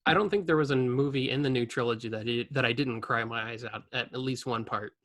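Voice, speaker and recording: A man hosting a casual podcast chat over a video call, halting with many fillers. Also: medium pitch, fairly bright tone. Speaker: podcast host.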